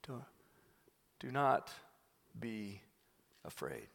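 A man voicing a calm older male prophet who speaks slowly and softly, in a long reverberant hall. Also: mid-range voice, pitched below the performer's own voice. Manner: calm, slow and soft-spoken.

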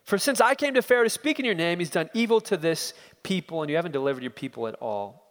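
A preacher crying out as an anguished prophet. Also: male voice, on the high side, expressive, fast talker, a bit bright, long reverb tail. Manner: pleading, pained questioning.

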